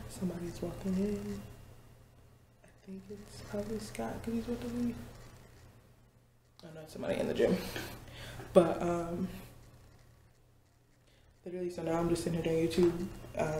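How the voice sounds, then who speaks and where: A woman's voice: low-pitched, warm tone, slight background noise. A woman in her twenties from Missouri, chatting casually to camera from her office at work, laughing often and mimicking people. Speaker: vlogger. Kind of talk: casual chat. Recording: roomy office with faint ambience.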